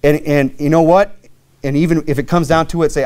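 Pastor guy preaching, kinda high voice, talks plain and earnest, says "you know" a lot. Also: fairly even intonation, fairly quick, a little mellow, clear, resonant tone. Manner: reads King James scripture aloud, rising in pitch on key verses. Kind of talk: sermon.

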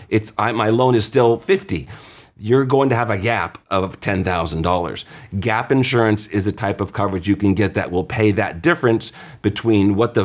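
A man hosting an insurance advice show, explaining coverage in a chatty, plainspoken way, acting out quick customer quotes and often restarting his sentences. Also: medium pitch. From California. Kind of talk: casual explanatory radio talk.

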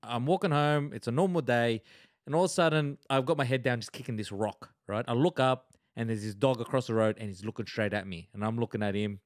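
A man, co-hosting a casual chat and telling an animated story, checking in with "right?" as he goes. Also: medium pitch, brisk, no room sound, clean studio sound. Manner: animated anecdotes full of "right?". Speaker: podcast co-host.

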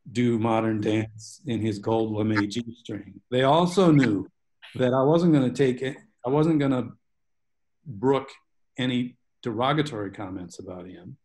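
A guest author with a medium-pitched, slightly mellow voice joins a book club discussion over a video call. He tells long, rambling stories full of tangents, and is self-aware about it.

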